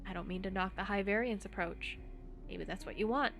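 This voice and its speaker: A woman voicing a retired old man who speaks quietly and in a measured way. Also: medium pitch, vocal fry, noisy background, lightly acted. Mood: calm.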